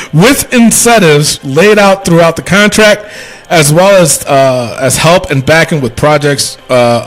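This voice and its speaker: A man with a fairly high voice, co-hosting a casual podcast. He talks in long, rambling runs, gets animated, and laughs often. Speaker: podcast co-host. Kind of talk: casual wrestling chat.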